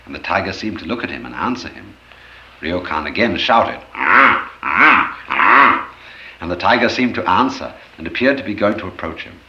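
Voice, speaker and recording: A man giving an expressive storytelling lecture, acting out the anecdotes as he goes. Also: deep voice, a little hiss or hum. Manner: expressive, animated, acts out stories. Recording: roomy, dull old lecture recording.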